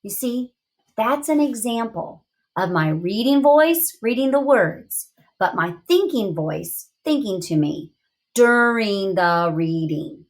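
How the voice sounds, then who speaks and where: A woman teaching a reading lesson to young students, thinking aloud with big, expressive reactions to the text. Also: medium pitch, takes it slowly.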